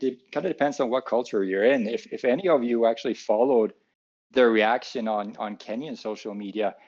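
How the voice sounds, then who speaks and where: A man's voice: medium pitch, darkish tone, highs cut off. A man answering fan questions in a live Q&A as a club co-owner, earnest and a little defensive, often repeating words.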